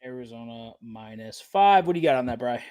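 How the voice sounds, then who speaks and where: A man's voice: medium pitch, lively intonation, a little fast, darkish tone, clean tone. A man co-hosting a sports betting livestream, brash and profane in casual chat.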